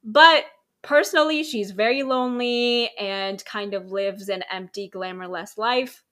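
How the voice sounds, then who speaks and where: A woman's voice: medium pitch, measured pace, fairly bright tone. A woman hosting a podcast, chatting enthusiastically and rambling a little, often laughing. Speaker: podcast host. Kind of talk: casual chat.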